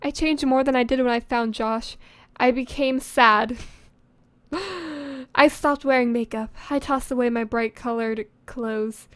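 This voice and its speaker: A bright, high-pitched teenage girl reads aloud with chatty, self-mocking asides that sink into low mutters. She sounds close and dry, with no room around her voice, like a home condenser-mic setup. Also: steady tone, unhurried, clean tone, no room sound. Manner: self-mocking, giggly, drifting to quiet mutters. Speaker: vlogger. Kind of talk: casual reading aloud with asides. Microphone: studio condenser microphone.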